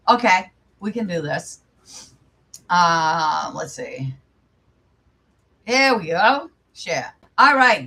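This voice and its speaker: A woman's voice: lowish voice, sharp tone, breathy edge. A young woman hosting her channel, casually commenting live in an angry, profane, rambling way. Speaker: channel host.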